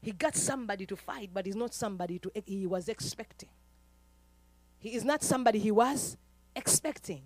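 A woman preacher from Uganda, giving a fervent sermon that swings between quiet talk and shouting. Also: mid-range voice, fairly quick, no room sound.

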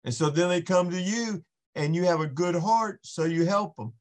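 A man's voice: high-pitched, moderate pace. A man, a podcast guest, giving an impassioned faith testimony in an earnest storytelling manner with frequent restarts.

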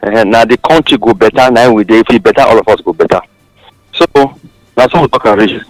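A man with a Nigerian Pidgin accent, co-hosting a radio chat and explaining his points in a measured way. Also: fairly low pitch, dry recording, faint music behind, poor audio. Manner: lively, measured explaining, proverbs. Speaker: radio co-host. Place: radio studio.

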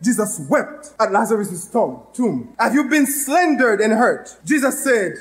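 A Haitian-accented man preaching in a church with a strikingly high, light voice. His sermon is fervent and driving, and he rises into loud, ringing outbursts. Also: sing-song, unhurried. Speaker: pastor.

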